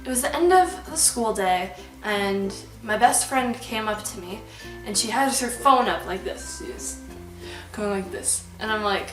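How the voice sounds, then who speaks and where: A young woman from Canada telling a storytime vlog, bubbly and excitable, rambling with lots of fillers. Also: mid-range voice, unhurried. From Alberta, Canada. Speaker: vlogger. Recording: echoey room, slightly distant mic, soft background music. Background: soft background music.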